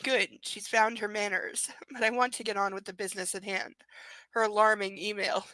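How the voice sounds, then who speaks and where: A woman reads a novel aloud live, breaking off for sarcastic, laughing asides about the story. Her medium-pitched voice is level and sharp at a moderate pace, in a low-quality recording with no room sound.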